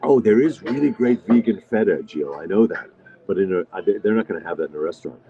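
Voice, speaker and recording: A man's voice: fairly low pitch, lively intonation, fast, mellow. A middle-aged man hosting a casual live stream from a diner, rambling and answering viewer comments as he eats. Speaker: livestream host. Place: restaurant diner. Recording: dull lo-fi sound with faint music.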